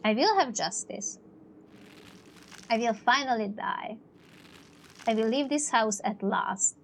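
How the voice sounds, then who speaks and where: A woman voicing a vengeful old male ghost who demands years of life, read slowly and gravely. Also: fairly high pitch, fairly bright tone, a little hiss or hum, exaggerated voice.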